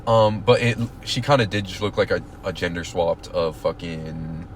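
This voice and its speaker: Rambling young man, lowish voice. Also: moderate pace, slight background noise. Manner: rambling, many restarts and fillers, swears casually. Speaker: podcast co-host. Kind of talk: casual chat.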